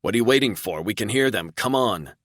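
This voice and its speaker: A man voicing a fierce, protective male alien warrior who speaks loud and growling. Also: fairly low pitch, animated, fairly quick, no room sound, clean studio sound, voice pushed up. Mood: urgent.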